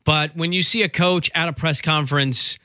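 A man co-hosting a sports talk show, his voice bright and forward. He speaks in a casual, opinionated way, restarting phrases as he goes. The sound is dry and close, with no room around it. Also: on the high side, steady tone, smooth, no room sound. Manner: conversational, opinionated, quick restarts. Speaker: sports radio co-host.

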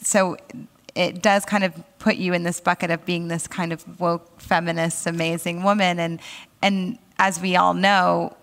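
A woman's voice: on the low side, fairly bright tone, long reverb tail. A woman hosting an interview, asking long, musing questions with plenty of fillers. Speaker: podcast host and interviewer. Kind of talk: interview conversation.

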